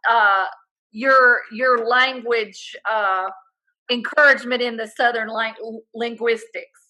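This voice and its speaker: Effusive woman host, bright voice. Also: fairly high pitch, steady tone, takes it slowly, poor audio. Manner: effusive, earnest, stretches key words. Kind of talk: hosting a video call interview. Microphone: video call.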